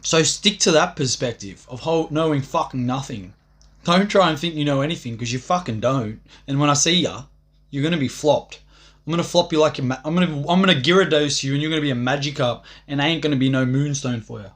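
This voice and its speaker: A man's voice: a little high, a little fast, a bit bright. A young man ranting on a livestream, boastful and profane, rambling from one thought to the next.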